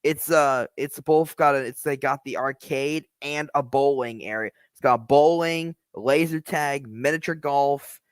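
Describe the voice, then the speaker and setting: A man's voice: mid-range voice, a little slow, few pauses, clean tone, dry recording. A man hosting a reaction video, rambling casually and hesitantly about the clip.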